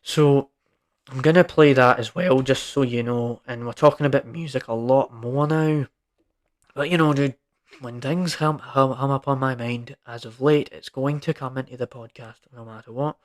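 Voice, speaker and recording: A man's voice: mid-range voice, fairly even intonation, moderate pace. Rambling young male podcast host. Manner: rambling, emphatic and informal, with frequent "like" and "right?". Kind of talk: solo podcast rant.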